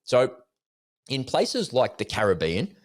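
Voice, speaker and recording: A man's voice: medium pitch, huge pitch swings, takes it slowly, no echo, clean studio sound. A man co-hosting a casual podcast, telling stories animatedly and acting out callers' voices. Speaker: podcast co-host.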